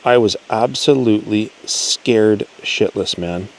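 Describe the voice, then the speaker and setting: A man hosting his channel, reading a listener's encounter story aloud in an earnest, storytelling way with pauses. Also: lowish voice, poor audio. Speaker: channel host.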